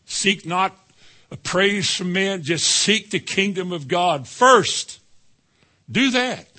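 A man preaching a sermon in a folksy, animated way, breaking into sudden high exclamations. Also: slow. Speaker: pastor.

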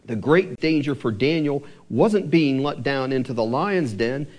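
A male pastor giving a sermon, asking the congregation rhetorical questions and slowing down for emphasis. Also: mid-range voice, animated, darkish tone.

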